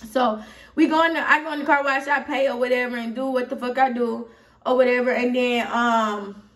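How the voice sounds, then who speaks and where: A young Atlanta woman with a high voice runs through a story in a loose, rambling way, checking in with her listeners again and again. She sounds a little distant from the mic. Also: fairly even intonation, brisk. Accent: Southern US, Atlanta. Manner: rambling and candid, frequent "you feel me", growing heated. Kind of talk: casual storytime vlog.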